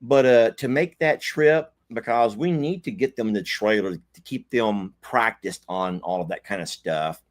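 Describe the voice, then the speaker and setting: A man's voice: on the low side, measured pace, few pauses. A middle-aged man chatting casually on a livestream in a folksy, joking way. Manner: folksy, joking, animated asides. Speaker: co-host.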